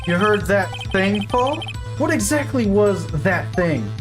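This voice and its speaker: A woman's voice: medium pitch, big pitch swings, takes it slowly, hardly any pauses, music in the background. A woman in a casual let's-play, joking and swearing while she voices a story game's lines. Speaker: gamer playing and voicing a story game. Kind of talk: casual let's-play commentary and reading aloud.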